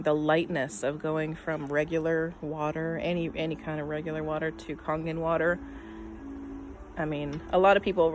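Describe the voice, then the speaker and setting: A middle-aged woman telling a personal story in a casual, rambling way, full of "um" and "I mean", often trailing off softly at the end of her thoughts. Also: low-pitched, a little hiss or hum. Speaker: vlogger.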